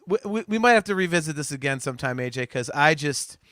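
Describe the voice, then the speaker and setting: In casual conversation as a podcast co-host, a man talks fast with lively intonation in a slightly high, fairly bright voice. He rambles, restarts his sentences and swears freely, and the recording is dry with clean studio sound.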